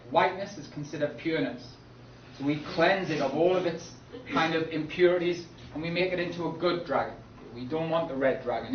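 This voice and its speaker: A male teacher lecturing a class in a slow, emphatic way, often checking in with "okay?". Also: fairly high pitch, slight background noise. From Britain. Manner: repeats "okay?" to check understanding, slow emphatic key words. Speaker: English teacher. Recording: echoey classroom from far off, dull and lo-fi.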